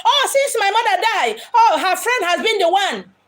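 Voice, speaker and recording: A Nigerian woman mimicking a careless adult in a high, mocking, sing-song voice. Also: very animated, normal speed.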